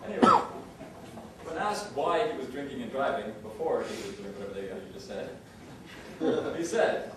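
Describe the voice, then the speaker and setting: A man's voice: mid-range voice, sing-song, normal speed, pauses often, noisy background. A man with a Canadian accent improvising as a mock-serious field reporter on a news show. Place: theatre stage with live audience. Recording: echoey stage recorded from far off.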